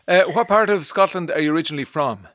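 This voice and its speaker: A man's voice: fairly high pitch, quick pace, fairly bright tone, no room sound, studio quality. A man with an Irish accent hosting a radio show, chatting casually and teasing callers, with frequent fillers. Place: radio studio.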